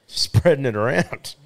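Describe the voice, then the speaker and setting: A man's voice: mid-range voice, animated, slow pace, creaky. A man co-hosting a crude, laughing casual chat, swearing a lot. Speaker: podcast co-host.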